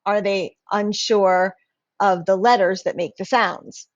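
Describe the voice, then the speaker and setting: A woman's voice: mid-range voice, fairly even intonation, slow pace, no echo, highs cut off. A woman instructional coach giving a casual professional development talk to teachers, full of fillers and restarts. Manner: hesitant, many fillers and restarts.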